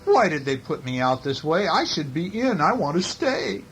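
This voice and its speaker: A man's voice: a little high, big pitch swings, normal speed, a bit bright, a little hiss or hum. A man voicing a spotted male dog in a bedtime storybook, pleading in a plaintive, sing-song rhyme.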